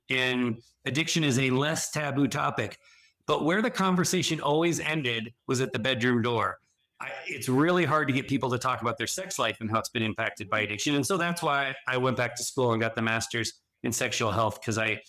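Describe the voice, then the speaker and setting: A man's voice: medium pitch, a bit bright. A middle-aged man talking earnestly as a podcast guest, explaining at length with frequent restarts. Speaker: podcast guest, addiction and sexual health counselor. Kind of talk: conversational podcast interview.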